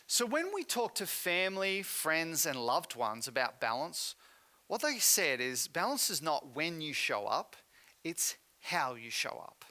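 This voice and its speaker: Middle-aged man, presenter, lively storytelling, bright voice. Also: fairly high pitch, measured pace. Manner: animated, acts out the people he quotes. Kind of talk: storytelling keynote talk.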